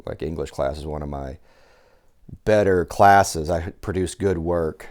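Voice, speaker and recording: A man, a survival instructor guesting on a podcast, telling casual stories from his youth in an animated way, swearing freely and acting out the people he quotes. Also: a bass voice, measured pace. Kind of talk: casual storytelling chat.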